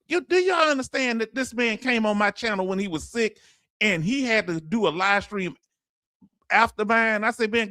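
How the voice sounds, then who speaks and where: A man hosting a casual livestream, reading chat messages aloud with animated, laughing energy. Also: sits high, no room sound, clean studio sound. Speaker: livestream host.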